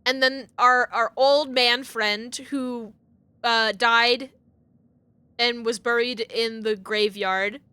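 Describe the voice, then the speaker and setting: Young woman streamer, high and bright, excitable and foul-mouthed, gasps a lot. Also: slow, smooth, dry recording. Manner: excitable, swears freely, gasps and shrieks. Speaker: game streamer. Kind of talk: live gameplay commentary, reading game text aloud.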